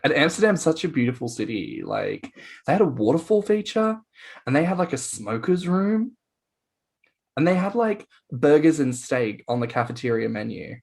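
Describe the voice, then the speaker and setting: A man co-hosting a podcast, telling stories in a playful, animated way with quick mock voices. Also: fairly high pitch, creaky, breathy edge. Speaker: podcast co-host. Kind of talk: casual chat.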